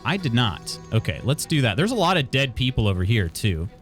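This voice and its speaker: A man's voice: mid-range voice, sing-song, a little fast, soft background music. A man from Illinois casually chatting while streaming a video game, reading chat aloud and laughing often.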